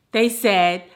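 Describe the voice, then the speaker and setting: A woman from the US Midwest telling a personal story in a lively way, laughing often. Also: fairly high pitch.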